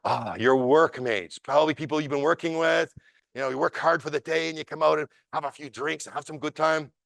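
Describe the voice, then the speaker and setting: A man voicing a small, kindly older man in a hakama who speaks softly and soothingly, while telling a story. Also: on the high side, fairly quick, gravelly, dry recording, clean studio sound, pitched above the performer's own voice. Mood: gentle. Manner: soft, gentle, soothing.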